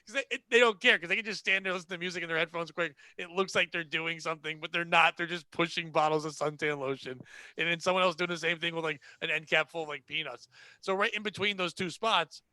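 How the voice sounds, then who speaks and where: Bright, high-voiced man telling stories. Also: fast talker, no echo. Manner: animated, profane, acts out the people in his stories. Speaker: podcast host. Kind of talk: casual comedic storytelling.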